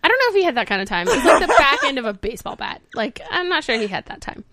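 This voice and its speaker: A woman podcast host giving a casual, animated recap of a TV episode, acting out the characters' lines and swearing freely. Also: high voice, quick pace, no room sound, studio quality. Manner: animated storytelling, acts out quotes, swears freely.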